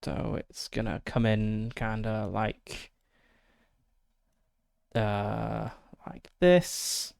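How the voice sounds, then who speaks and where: Gravelly man narrating a solo tabletop game. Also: on the low side, little pitch movement, very slow, pauses often, a little mellow, dry recording, clean studio sound. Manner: methodical, thinks aloud with frequent fillers. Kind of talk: casual narration of dice rolls and rules.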